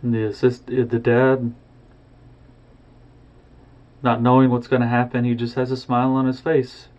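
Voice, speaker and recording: Guy retelling a story, expressive, goes "boom!", lo-fi muffled sound. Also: unhurried. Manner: lively, expressive, with sound effects. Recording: dull lo-fi recording.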